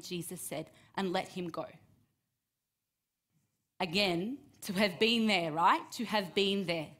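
A woman gives a sermon, reading scripture aloud and breaking off to explain it. She acts out the quoted lines with lively emphasis, her voice sitting at an ordinary middle pitch. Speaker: preacher.

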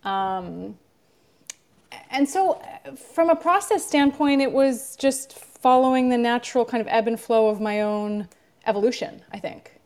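A woman's voice: fairly high pitch, unhurried, a little mellow. A woman author being interviewed, talking in a reflective, chatty way with lots of fillers. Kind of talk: casual interview talk.

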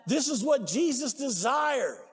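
Excitable high-voiced male preacher. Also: measured pace, husky, long reverb tail, faint music behind. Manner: excitable preaching, shouting and laughing. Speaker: pastor. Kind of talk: sermon. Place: church sanctuary.

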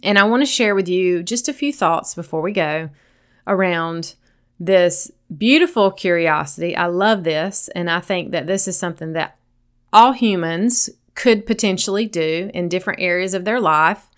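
A woman's voice: on the low side, moderate pace. A woman with a Southern accent hosting a solo podcast, speaking earnestly and encouragingly straight to her listeners. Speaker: podcast host.

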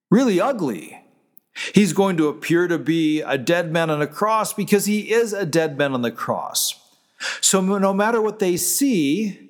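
A pastor preaching a sermon in an easy, conversational way, often restarting his sentences as he explains scripture. His voice sits a little high for a man, and it carries a long reverb from the church hall around him.

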